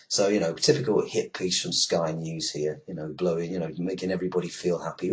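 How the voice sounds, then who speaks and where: A British man hosts an internet radio show in a loose, ranting monologue. His voice sits very low, and he wanders through fillers and sarcastic asides. He swears freely as he talks. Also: normal speed.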